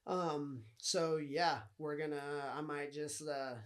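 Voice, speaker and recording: Profane man telling a story, high-ish voice. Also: fairly even intonation, takes it slowly, a bit bright. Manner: profane, loose, rambling, heavy on fillers. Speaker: podcast host. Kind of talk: casual storytelling monologue.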